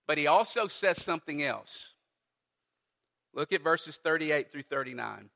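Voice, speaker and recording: A middle-aged pastor preaching a sermon with emphatic, dramatic pauses. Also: male voice, a little high, animated, vocal fry, sharp tone, big-room sound.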